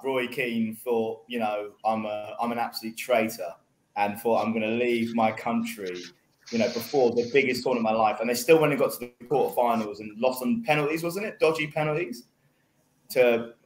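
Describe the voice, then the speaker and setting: A man on a casual football panel, talking chummily and rambling, calling people mate, on a roomy recording with a faint background hum. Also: medium pitch. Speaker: panelist, Millwall fan.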